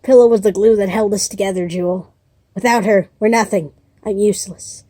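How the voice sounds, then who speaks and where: A woman voicing a despairing doll girl who turns into a cold killer, speaking flatly and bitterly, in a casual story pitch. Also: a little fast, dry recording, clean studio sound, lightly acted.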